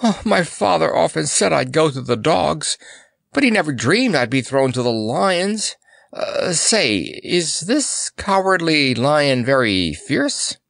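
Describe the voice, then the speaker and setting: A man's voice: on the high side, very animated, slow, vocal fry, fairly bright tone, dry recording, studio quality, voice pushed up, heavily acted. A man voicing a polite, good-humored male circus clown with a jokey manner. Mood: nervous.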